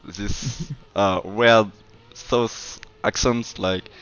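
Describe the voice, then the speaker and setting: A man's voice: lowish voice, steady tone, fairly bright tone, lo-fi sound. A man from France with a French accent, co-commentating a game and sometimes searching for his English words. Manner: slow, searching for words, laughing. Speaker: esports co-caster. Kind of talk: casual co-commentary.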